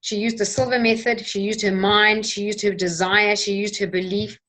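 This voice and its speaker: A woman's voice: medium pitch, flat delivery, moderate pace, a bit bright, rough recording. A woman hosting a motivational teaching talk, earnest and persuasive, building her point with emphatic repetition. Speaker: host.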